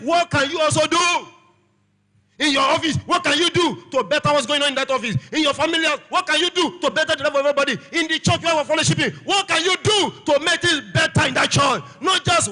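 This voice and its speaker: A middle-aged Nigerian man preaching a church sermon with a Nigerian accent, shouting lines and calling for the congregation's amens. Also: very high voice, fast talker. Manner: shouting, call-and-response preaching. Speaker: pastor.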